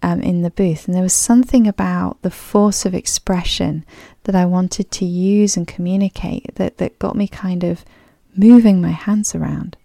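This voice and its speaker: A podcast host who grew up abroad as a third culture kid muses on her solo show, her English accent clipped and a touch posh, with frequent ums and restarts. Her voice is lowish, steady, mellow and creaky, moving at a moderate pace with hardly any pauses. The recording is clean studio sound with no room echo.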